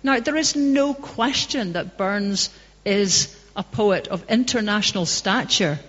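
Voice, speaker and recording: A woman's voice: medium pitch, lively intonation, takes it slowly, fairly bright tone. A woman from Northern Ireland answering audience questions after a public talk, conversational and passionate, telling anecdotes. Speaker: guest speaker. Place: public hall. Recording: dull echoey hall recording.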